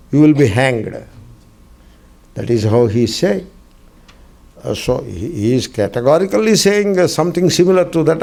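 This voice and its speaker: A man's voice: on the high side, vocal fry, a little mellow. A man, a swami, teaching a spiritual discourse class, emphatic and fond of asking and answering his own questions, repeating key phrases with dry humor.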